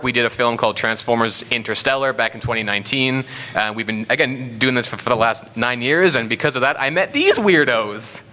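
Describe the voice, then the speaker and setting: A man's voice: mid-range voice, pushed and bright. A man talking casually on a convention panel as a fan filmmaker, self-deprecating and joking.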